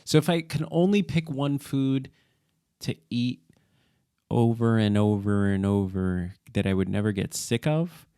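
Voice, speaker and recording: A man's voice: medium pitch, a little slow, dark tone, smooth. A middle-aged Puerto Rican man co-hosting a podcast, telling stories casually and laughing easily. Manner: laughs easily, teasing storyteller. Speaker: podcast co-host. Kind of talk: casual chat.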